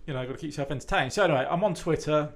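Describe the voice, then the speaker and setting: Gravelly man telling stories. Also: a little high, rapid-fire. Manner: sweary, rambling storytelling. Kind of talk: casual podcast chat.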